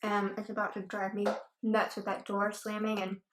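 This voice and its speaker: A woman's voice: medium pitch, completely flat delivery, normal speed. A woman vlogging at home as she eats, chatting casually and rambling between murmurs of enjoyment. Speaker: mukbang vlogger. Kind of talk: casual eating chat. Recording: echoey room with faint noise.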